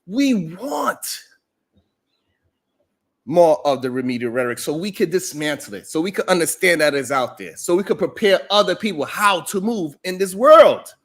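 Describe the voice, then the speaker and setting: Male livestream host with a high-pitched voice, joking and boastful, laughing often, casual monologue to his chat. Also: very animated, normal speed, a bit bright.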